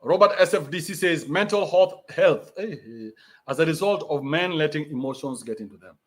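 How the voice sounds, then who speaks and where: A man's voice: on the high side, expressive, a little fast. A man with a Kenyan accent hosting a livestream, reading out donations and ranting bluntly with plenty of profanity.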